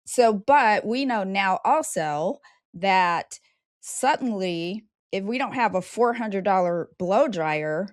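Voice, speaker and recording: An American woman hosting a chatty interview, lively with sassy asides. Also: mid-range voice, slow, no room sound, studio quality. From United States. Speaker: podcast host. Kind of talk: casual interview chat.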